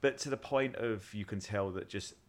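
An English man in his late thirties, co-hosting a casual chat podcast, telling animated stories and laughing at them. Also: fairly low pitch, normal speed, a little hiss or hum. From England. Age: 30s. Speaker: podcast co-host.

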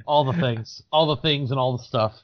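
A man co-hosting a laid-back tabletop gaming chat, often stammering and restarting before landing a light joke. His pitch is a plain middle range. The audio is somewhat dull and lo-fi. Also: moderate pace. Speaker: podcast co-host. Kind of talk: casual chat about tabletop games.

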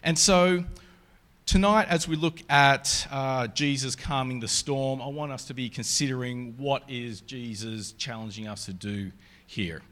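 A man giving a sermon in a relaxed, conversational way, reading scripture aloud along the way. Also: mid-range voice, a little slow. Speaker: preacher.

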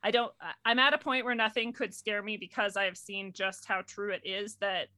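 A woman talks in an earnest, casual way about faith and spirit, her words dotted with "like" and easy laughs. Her voice is bright and forward. The sound is close and dry, with no room around it. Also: medium pitch, steady tone, normal speed, dry recording. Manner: earnest, frequent "like", laughs easily.

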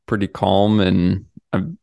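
A man hosting a podcast, asking questions in a relaxed way, hedging with frequent fillers. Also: deep voice, takes it slowly, gravelly, dry recording. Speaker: podcast host. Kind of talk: casual interview.

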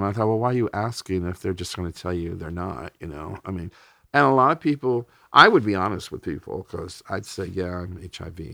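Candid middle-aged man, low dry voice. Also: gravelly, fairly bright tone, dry recording. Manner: candid and emotional, blunt language. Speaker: interview guest. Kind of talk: personal storytelling in a podcast interview.

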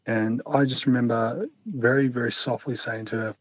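A man speaking as an interview guest, telling a personal story in a calm, earnest, reflective way. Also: mid-range voice, normal speed, few pauses, no room sound, muffled recording.

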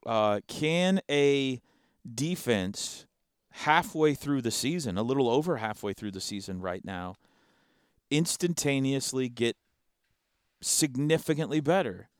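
Lively man talking football. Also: mid-range voice, unhurried, clear, resonant tone, no echo, studio quality. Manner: animated, laughs often, restarts sentences. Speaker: sports talk host. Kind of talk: casual sports chat.

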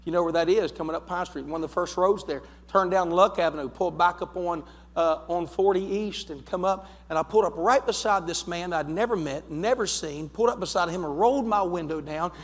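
A male pastor with an Ohio accent, preaching a fervent storytelling sermon that builds toward shouting. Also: sits high, brisk. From United States. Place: church sanctuary. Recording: long church hall reverb.

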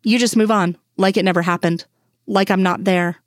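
A woman voicing an exasperated grown woman, a sharp FBI doctor, in a fan story reading. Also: mid-range voice, fairly even intonation, normal speed, no room sound, studio quality, natural voice. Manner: exasperated, pleading.

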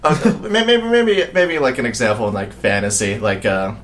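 A man's voice: medium pitch, big pitch swings, normal speed, fairly bright tone, slight background noise. A man co-hosting a casual podcast chat, rambling with frequent swearing and laughter, mentally worn out. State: mentally exhausted. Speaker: podcast co-host.

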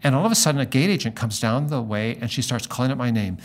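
A middle-aged man, a pastor, talking in a relaxed conversation and telling a story, acting out the lines of the people in it. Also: mid-range voice, fast talker. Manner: animated storyteller acting out dialogue. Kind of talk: conversational storytelling in a podcast interview.

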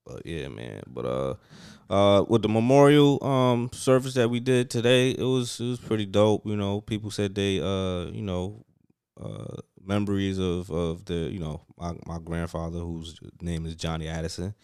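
A man chatting casually in a relaxed, slangy way with many fillers. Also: sits low, normal speed, smooth, no room sound, clean studio sound. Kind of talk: casual chat.

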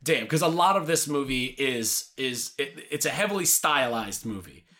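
A man's voice: mid-range voice, lively intonation, moderate pace, sharp tone. A young man co-hosting a casual film podcast, joking, swearing and slipping into silly voices. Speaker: podcast co-host.

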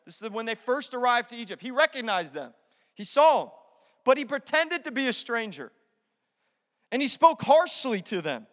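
A male pastor preaching a sermon in an energetic, conversational way, repeating key phrases. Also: very high voice, normal speed. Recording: long hall reverb.

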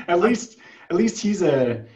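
A man's voice: high voice, darkish tone, roomy sound, highs cut off. A man co-hosting a casual film review podcast, chatty and mocking film lines by acting them out.

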